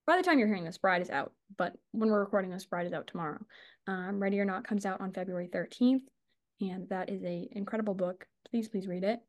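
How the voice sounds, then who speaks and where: A woman's voice: medium pitch, fast talker. A woman co-hosting a casual book podcast, gushing and chatty, swearing and laughing as she talks. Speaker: podcast co-host.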